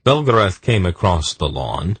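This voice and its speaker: Deep, husky audiobook narrator. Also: male voice, dry recording. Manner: measured, expressive storytelling.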